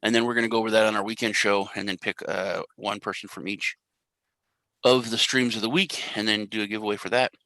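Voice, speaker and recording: A man's voice: on the low side, fairly even intonation, brisk, sharp tone, no echo, rough recording. Rambling jokey male crypto streamer. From US Central Time Zone. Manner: rambling, jokey, self-deprecating. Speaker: crypto show host. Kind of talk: casual live-stream chat.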